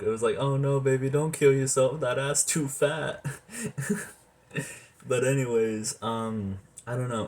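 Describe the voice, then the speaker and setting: A man in casual rambling talk as a movie reviewer, animated, swearing often and trailing off with fillers. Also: mid-range voice.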